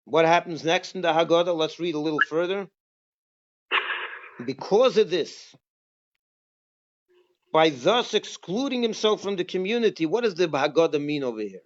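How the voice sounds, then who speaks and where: A man with a high voice gives a religious class as a rabbi. He teaches emphatically and keeps asking his listeners rhetorical questions. The recording sounds dull and lo-fi. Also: animated, measured pace, pauses often. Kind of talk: Passover class.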